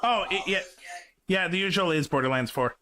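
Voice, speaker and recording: A man's voice: high voice, brisk, sharp tone, slight background noise. A young man hosting a reaction live stream, chatting casually and rambling with restarts. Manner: rambling, with frequent restarts and filler.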